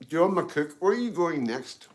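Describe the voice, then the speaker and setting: In Glasgow, a chatty man on a live stream reads out the chat in a fairly high, very animated voice, speaking a little slowly. He rambles, repeats himself, and says "you know what I mean" a lot, eating and sipping tea between remarks.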